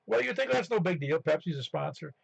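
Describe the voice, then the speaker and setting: A man's voice: a little high, animated, quick pace, creaky, slightly rough. A man from western New York chatting on a ham radio net, telling rambling stories full of restarts. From western New York, near Buffalo. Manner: rambling storyteller with many restarts. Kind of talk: casual radio chat. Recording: muffled radio audio.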